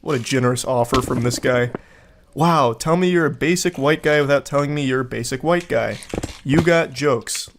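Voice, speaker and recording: A man's voice: medium pitch, fairly quick, a little hiss or hum. A young man commenting sarcastically and with profanity while gaming, reading out text messages. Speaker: gaming streamer.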